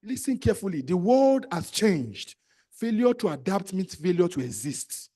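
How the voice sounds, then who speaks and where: A man with a Nigerian accent delivers a live motivational talk on entrepreneurship, his voice pitched high for a man. He is emphatic and exhorting, repeats commands to his listeners, and drops into Pidgin phrases. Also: very animated, normal speed, warm tone. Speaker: entrepreneurship trainer.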